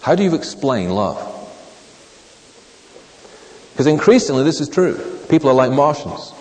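A man preaching a sermon, reading scripture slowly and emphatically, then telling stories with dry, wry asides. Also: sing-song, darkish tone. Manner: measured, emphatic, drops low on key words. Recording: long reverb of a large hall.

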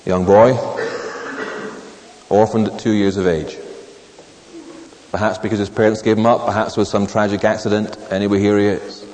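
Measured preacher man in a reverberant hall. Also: level tone, darkish tone. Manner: measured, emphatic, drops low on key words; wry asides in storytelling. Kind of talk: sermon with scripture reading. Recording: long reverb of a large hall.

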